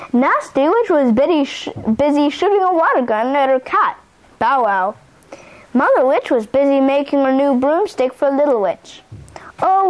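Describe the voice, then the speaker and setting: A woman reads a Halloween picture book aloud for radio. Her voice sits high and her delivery is clear and cheerful. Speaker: storyteller.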